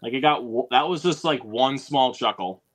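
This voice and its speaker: A man's voice: medium pitch, moderate pace. A young man hosting a live stream, rambling in a laid-back way with lots of fillers. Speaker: streamer host. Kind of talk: casual chat.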